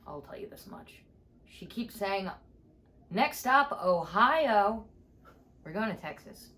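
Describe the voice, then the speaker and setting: Animated woman comedian telling a story. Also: medium pitch, moderate pace. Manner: animated, acts out every exchange with "I'm like". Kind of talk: comic storytelling in a podcast chat.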